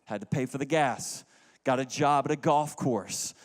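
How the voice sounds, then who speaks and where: A young man from Houston preaching a sermon, telling a joking, animated story that swings between loud bits and low asides. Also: moderate pace. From Houston, Texas. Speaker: pastor. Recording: long reverb of a large hall.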